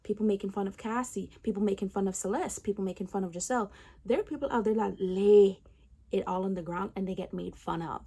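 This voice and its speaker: A woman in a mid-pitched voice speaks straight to her audience in an impassioned commentary. She rants with emphasis and hammers her points home by repeating phrases. Her delivery is heated and direct. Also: fast, warm tone, slightly rough. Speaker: commentary vlogger.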